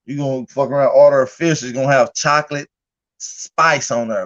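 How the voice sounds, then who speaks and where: A man's voice: mid-range voice, steady tone, normal speed, a bit bright. Profane laughing man, muffled stream audio. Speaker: livestream host. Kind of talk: casual livestream rant.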